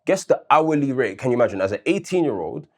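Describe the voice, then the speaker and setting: A man's voice: medium pitch, sing-song, fast talker, a little mellow. A man co-hosting a casual debate show, arguing his point earnestly and backing it with questions and personal stories. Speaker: co-host.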